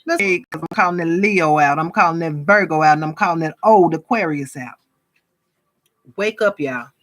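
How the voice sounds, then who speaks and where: A woman with a low voice talks at normal speed, giving her viewers a fervent, casual sermon. As a spiritual vlogger, she calls them y'all and occasionally mimics people who gossip.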